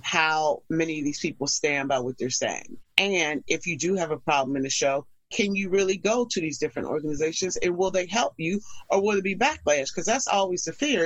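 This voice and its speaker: A woman's voice: low-pitched, a little fast, hardly any pauses, fairly bright tone, dry recording, lo-fi sound. A woman who is a stage actress, talking frankly and emphatically in an interview and telling stories with blunt asides. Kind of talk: candid conversational interview.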